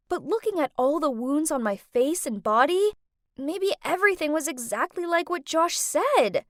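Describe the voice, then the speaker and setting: Young woman narrating a story, dramatic, high lively voice, dry close mic. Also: moderate pace, dry recording. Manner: expressive, dramatic first-person telling.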